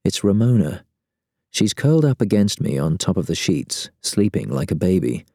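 A man narrating a first-person story in a wry, deadpan way. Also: deep voice, no room sound, clean studio sound.

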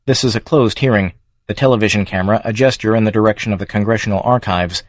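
A man narrating an audiobook in a measured, even reading voice. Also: lowish voice, no room sound. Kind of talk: scripted narration.

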